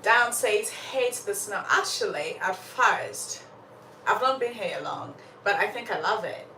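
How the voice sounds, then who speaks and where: A woman's voice: mid-range voice, expressive, unhurried, bright, forceful tone, recorded from a distance. A young woman from Uganda chatting casually with viewers on a livestream, laughing often and a little under the weather with a slight cough. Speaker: livestream host. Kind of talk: casual live chat with viewers. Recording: roomy sound from off the mic, faint background noise.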